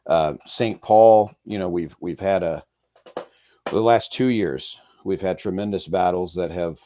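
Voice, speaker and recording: A man who coaches high school football, talking in a rambling, easygoing way with lots of fillers and restarts. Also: measured pace, mellow, slight background noise. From Kansas. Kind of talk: casual podcast interview.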